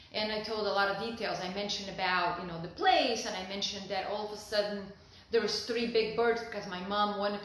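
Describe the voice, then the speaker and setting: A middle-aged Brazilian woman vlogs to camera, telling a personal story in a heartfelt, rambling way full of fillers and restarts. Her voice is medium-pitched with a fairly bright tone, and the room is very echoey.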